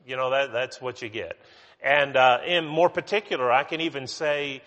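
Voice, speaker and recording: A man's voice: mid-range voice, steady tone, normal speed, fairly bright tone, muffled recording. A man from West Virginia, teaching a Bible study sermon in a conversational way with many restarts and asides. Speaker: preacher. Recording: long hall reverb.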